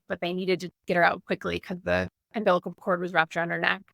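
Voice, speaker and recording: A woman's voice: on the low side, little pitch movement, fast talker, gravelly, fairly bright tone, no echo, studio quality. A woman in her thirties, a guest telling her personal story in an interview, candid and earnest, with lots of "like". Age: 30s.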